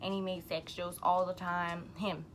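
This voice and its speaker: A woman's voice: on the low side, little pitch movement, measured pace, slight background noise, low-quality recording. A young woman chatting casually to her camera, telling a rambling story full of "like" and the odd swear.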